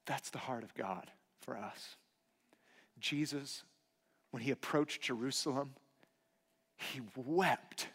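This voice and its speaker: Pastor, male, 30s, mid-pitched; earnest storytelling sermon with hushed emphatic drops, recorded in a reverberant hall. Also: takes it slowly, pauses often, breathy edge.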